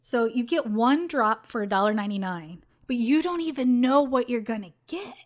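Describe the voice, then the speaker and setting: A young woman co-hosting a casual gaming podcast, chatty and quick to laugh. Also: fairly high pitch, animated. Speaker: podcast co-host.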